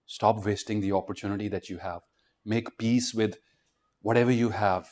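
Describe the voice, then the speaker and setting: A man giving a motivational talk to students, animated and constantly quizzing the crowd. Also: on the low side, normal speed. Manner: animated, keeps quizzing the audience and leading call-and-response. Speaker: motivational speaker.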